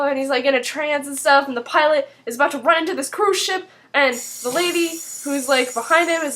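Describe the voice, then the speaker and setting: A young woman recaps a TV episode in a casual vlog, chatty and filling constantly with "like." Her voice sits high and a bit bright, at normal speed with few pauses, over slight background noise.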